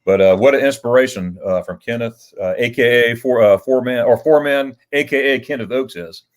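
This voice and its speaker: A man's voice: medium pitch, moderate pace. Guy hosting a livestream, rambling along, laughs a lot, keeps restarting his sentences. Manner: rambling storyteller with frequent restarts and chuckles. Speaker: livestream host. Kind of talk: casual livestream chat.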